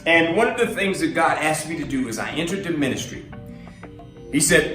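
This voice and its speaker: A man's voice: on the high side, expressive, normal speed, sharp tone, roomy sound, far from the mic, faint music behind. A man and minister giving a casual, storytelling sermon, chatty and laughing as he acts out voices in his stories. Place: live stream from a roomy space.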